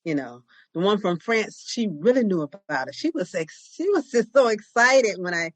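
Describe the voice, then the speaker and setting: Older woman, podcast co-host, chatty storyteller, mid pitch, dry sound. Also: animated, moderate pace, dry recording. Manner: chatty storyteller who acts out other people's lines. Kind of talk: casual chat.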